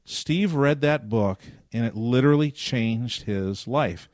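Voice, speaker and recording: A man's voice: medium pitch, takes it slowly, darkish tone, no echo, clean studio sound. An older man co-hosting a church podcast, telling a story in casual chat with joking asides. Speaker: pastor and podcast co-host.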